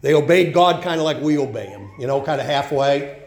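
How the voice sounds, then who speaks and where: A middle-aged man preaching a sermon, folksy and emphatic, swinging from loud bursts to low intense tones. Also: lively intonation, a little fast, very echoey, low-quality recording.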